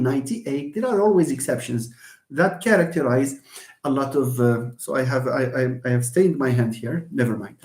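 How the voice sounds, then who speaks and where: Delivering a live online lecture, this English teacher speaks at a middle pitch with a darkish tone, patient and chatty throughout. Words are drawn out slowly, easy laughs come often, and students get answered by name. A bare-room echo surrounds the roomy sound.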